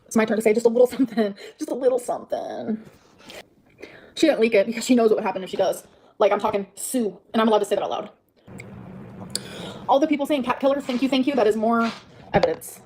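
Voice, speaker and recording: A woman's voice: on the high side, quick pace, a little mellow, low-quality recording. A woman livestreaming an angry, profane rant, venting heatedly at her audience.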